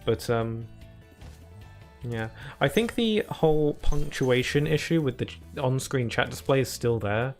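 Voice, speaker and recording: A man's voice: mid-range voice, lively intonation, measured pace, faint music behind. A man streaming a video game live, chatting casually and rambling to his viewers as he plays. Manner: chatty and rambling, talks to chat between laughs.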